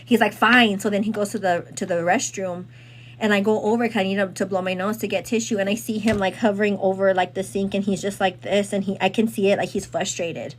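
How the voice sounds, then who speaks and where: A woman host retelling a story in casual chat, rambling and animated, with lots of fillers. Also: medium pitch, fast, a little hiss or hum.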